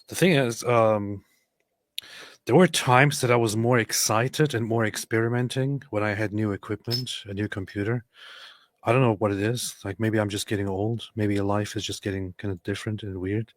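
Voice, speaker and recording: A man hosting a casual livestream, chatting loosely and reading viewer comments aloud in a relaxed, joking way. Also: lowish voice, normal speed, no echo, clean studio sound. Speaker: host.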